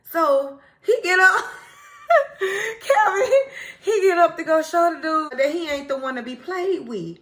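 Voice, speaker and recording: A woman talks straight to her viewers as she recaps a TV episode. Her voice sits a bit high, and she acts out the characters' lines with lively, dramatic turns and frequent laughs. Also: moderate pace, long pauses. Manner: animated storytelling, acting out characters' lines, laughing often. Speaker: TV recap host.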